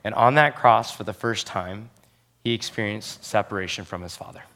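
A man preaching a sermon as a pastor, earnest and emphatic, slowing down to stress key phrases. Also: fairly low pitch, fairly bright tone.

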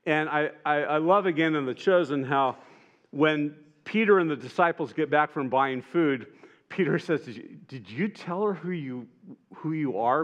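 Earnest male preacher, soft then emphatic. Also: medium pitch. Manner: earnest, builds to emphatic peaks, drops soft and tender for quoted lines. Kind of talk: sermon retelling gospel scenes.

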